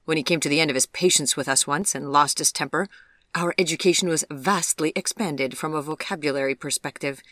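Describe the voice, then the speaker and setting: A man's voice: fairly high pitch, brisk, pushed and bright, no echo, clean studio sound. A narrator voicing a charming, eager young man with a Sheffield accent, cheerful and teasing in an audiobook. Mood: playful. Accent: Sheffield English.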